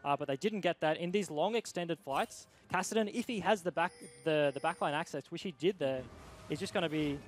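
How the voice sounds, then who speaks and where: Young aussie guy casting esports super fast, breaking down fights. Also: fairly high pitch, soft background music. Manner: quick, analytical, jokey. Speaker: esports caster.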